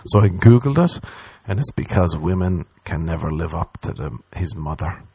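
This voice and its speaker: A young man ranting casually and comically, swearing often and mocking other people with quick impressions. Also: sits low, lively intonation, mellow, husky, no room sound. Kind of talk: casual comedic rant.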